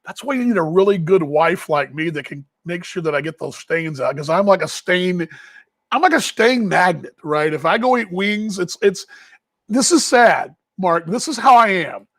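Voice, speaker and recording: A man with a fairly high voice chats casually on a live stream, rambling between viewer comments with an easy, self-deprecating humor. He is from Texas and talks as a team broadcaster at a ballpark. The sound is dry and close, with little room around it. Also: expressive, normal speed, a bit bright, no echo.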